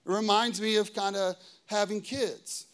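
A man's voice: a little slow, clean tone. A middle-aged man, a pastor, preaching a casual sermon, telling family stories and checking in with the audience. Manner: casual, conversational, lots of "okay?" and "right?" checks with the audience; animated storytelling, pitch and volume swinging widely.

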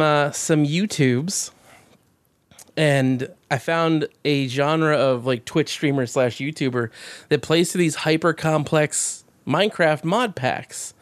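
A man co-hosting a podcast, talking about games in a fast, rambling way, swearing often and getting excited. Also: on the high side, smooth, dry recording. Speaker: podcast co-host. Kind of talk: casual chat.

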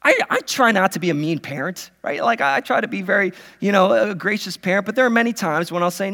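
A man's voice: high-pitched, lively intonation, fast, few pauses, bright, forceful tone. A man in his thirties, a pastor, preaching a sermon in a conversational, story-telling way with many restarts. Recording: long hall reverb.

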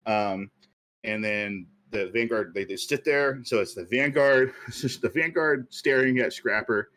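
A man's voice: medium pitch, unhurried, fairly bright tone. A man co-hosting a podcast, telling a story at length in casual chat with many fillers. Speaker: podcast co-host.

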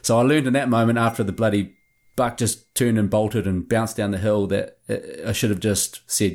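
Low-voiced New man telling stories. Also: moderate pace, gravelly. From New Zealand. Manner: animated anecdotes with acted-out quotes. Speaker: hunting show producer and guest. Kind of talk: casual storytelling interview.

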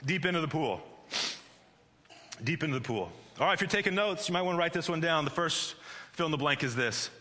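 A man's voice: on the high side, expressive, a little fast, sharp tone, slight background noise. A man preaching a sermon as pastor in a chatty, joking way, often restarting his sentences. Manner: conversational and joking, with frequent restarts and "like". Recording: long hall reverb.

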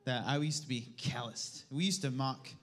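A man's voice: medium pitch, normal speed, a bit bright. A man in his thirties speaking at church, candid and self-mocking as he opens a talk about his children. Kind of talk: personal teaching talk.

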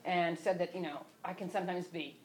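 A woman's voice: fairly low pitch, steady tone, brisk, a little mellow, slight background noise. Conversational woman hosting faith talk. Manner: conversational, quotes scripture.

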